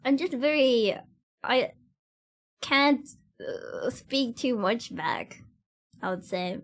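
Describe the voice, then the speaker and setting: Young woman, high voice, casual stream chat, rambling, giggly, lots of fillers. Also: big pitch swings, a little slow. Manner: talks straight to chat. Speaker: cosplay streamer.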